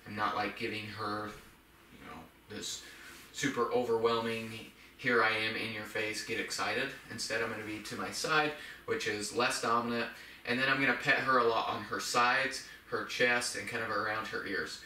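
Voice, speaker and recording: A man, a dog trainer, talking casually about a puppy's training in a relaxed, explanatory way. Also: on the low side, normal speed, echoey room, distant mic, a little hiss or hum, low-quality recording. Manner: relaxed, explanatory, with frequent restarts and fillers. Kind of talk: casual instructional talk.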